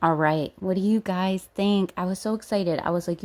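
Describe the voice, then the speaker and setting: A woman's voice: on the low side, normal speed, a little hiss or hum. Woman vlogger, chatty and upbeat, walks viewers through an app review. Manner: excited, chatty, addresses viewers directly. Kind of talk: casual screen-walkthrough chat.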